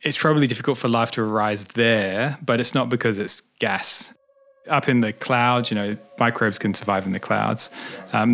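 A man's voice: lowish voice, a bit bright. A man, an astronomer, patiently explaining science in plain words, with a light touch of humour. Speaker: astronomer answering kids' questions. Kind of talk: relaxed explanatory interview talk.

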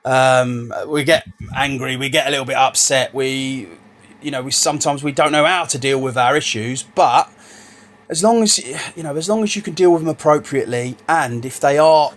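A man co-hosting a casual podcast, relaxed and supportive, often calling the host mate. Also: medium pitch, moderate pace.

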